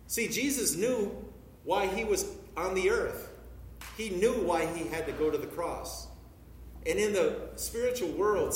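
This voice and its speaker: A man preaching a sermon, reading scripture aloud with measured emphasis. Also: a little high, a little hiss or hum. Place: church sanctuary. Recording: echoey church hall from far off.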